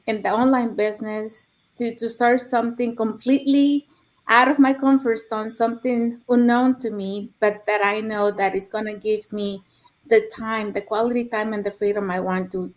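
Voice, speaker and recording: A woman guest sharing a personal story in an earnest, reflective way, with halting repeats. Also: a little high. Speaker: guest speaker.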